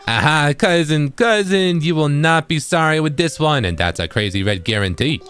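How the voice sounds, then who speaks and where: A man's voice: fairly high pitch, expressive, moderate pace, fairly bright tone, clear, resonant tone, pitched above the performer's own voice. A man voicing a sly, pushy middle-aged male fox merchant with wheedling salesman patter. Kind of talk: reading game dialogue aloud in character.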